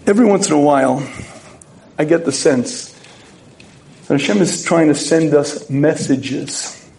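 A middle-aged man, a rabbi giving a sermon full of stories, who acts out voices and often clears his throat. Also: fairly high pitch, darkish tone.

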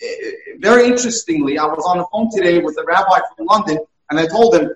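A man with a high voice talks quickly, working as a dating mentor who tells one case story after another to make his points. The recording sounds roomy and distant.

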